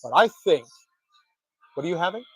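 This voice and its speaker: A male host chatting casually, rambling from one tangent to the next and swearing freely. His voice sits a little high, and the sound is close and dry. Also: expressive, normal speed, slightly rough, dry recording, highs cut off. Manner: rambling, profane, jokey. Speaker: podcast host. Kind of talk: casual chat.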